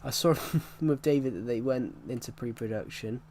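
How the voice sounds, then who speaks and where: Man, mid-pitched, casual game commentary host, rambling, self-correcting. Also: normal speed, a little mellow. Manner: rambling, repeats and corrects himself often. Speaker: gaming channel host.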